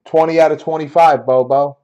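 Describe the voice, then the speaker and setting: A man hosting a sports card break live, talking casually and getting loudly exasperated, repeating himself. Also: on the high side, steady tone, fairly quick, clear, resonant tone, lo-fi sound. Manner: exasperated, repetitive, loud outbursts. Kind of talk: casual live-stream banter.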